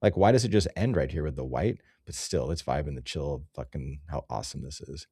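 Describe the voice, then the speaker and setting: Low gravelly man rambling over photos. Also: a little fast, dark tone, no room sound, clean studio sound. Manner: loose, profane, easily sidetracked, bursts into sing-song. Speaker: host.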